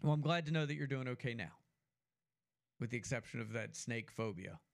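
A man's voice: mid-range voice, brisk, gravelly. A man co-hosting a sports talk show, chatting casually with playful, teasing banter and reading out listener messages. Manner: reads listener messages aloud. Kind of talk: casual chat.

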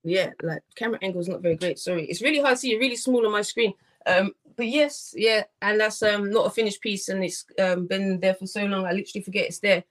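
Fast-talking chatty woman. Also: mid-range voice, fairly even intonation. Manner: chatty and joking, full of fillers. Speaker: guest, poet and artist. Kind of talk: casual interview over video call. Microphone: video call.

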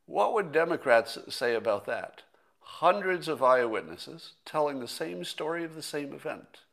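A man's voice: fairly high pitch, very animated, normal speed, gravelly, a bit bright. Middle-aged guy rambling thru a solo stream, lots of ums and restarts, dry sarcastic edge. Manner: rambling, thinks aloud with fillers and restarts. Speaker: host. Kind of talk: casual solo livestream commentary.

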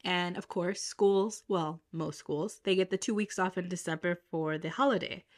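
A woman's voice: fairly low pitch, normal speed. Chatty, stuffy-nosed woman podcast host. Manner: laughs often at herself, chatty and upbeat. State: stuffy nose from a cold. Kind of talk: casual podcast chat.

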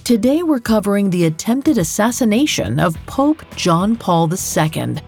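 A woman hosting a podcast, giving scripted true crime narration in a measured, dramatic way. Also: mid-range voice, very animated, gravelly, darkish tone, faint music behind. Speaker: podcast host.

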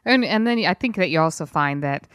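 A woman's voice: lowish voice, animated, fairly quick, fairly bright tone, clean tone, no echo, studio quality. A woman co-hosting a podcast, chatting casually and agreeing supportively with her co-host. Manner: supportive, agreeing, brief interjections. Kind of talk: casual chat.

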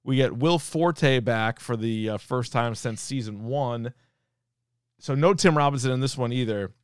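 A man's voice: mid-range voice, measured pace, smooth, no room sound, studio quality. A man co-hosting a casual podcast chat, retelling comedy sketches, laughing often and acting out quoted lines in a raised voice. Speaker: podcast co-host.

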